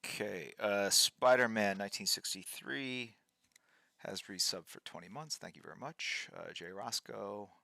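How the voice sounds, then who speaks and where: A man hosting a live stream, reading out subscriber thank-yous in a halting way, with fillers between names. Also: on the low side, vocal fry, sharp tone, no room sound, studio quality.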